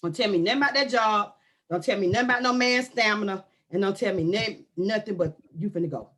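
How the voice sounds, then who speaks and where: A woman, ranting loudly and comically in casual talk, often shouting. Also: medium pitch, fast. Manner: loud animated ranting with frequent shouting. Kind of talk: casual comic rant to camera.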